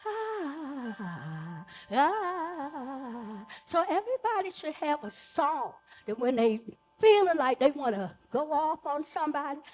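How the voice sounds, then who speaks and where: A woman leading a live group breathing workshop, giving slow, soothing cues for each breath. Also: high voice, darkish tone, a little hiss or hum.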